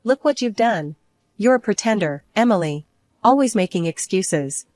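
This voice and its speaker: A woman's voice: medium pitch, animated, moderate pace, a little mellow, no echo, lightly acted. A woman voicing a controlling adult husband who talks in a firm, clipped, scolding way in a storybook narration. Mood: angry.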